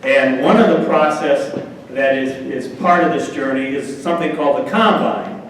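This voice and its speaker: A man's voice: mid-range voice, normal speed. A middle-aged man telling sports anecdotes as a guest speaker at a club meeting, acting out the voices of the people in his stories. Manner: animated anecdotes, acts out quoted voices. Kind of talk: after-dinner storytelling. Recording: echoey hall, distant mic, faint noise.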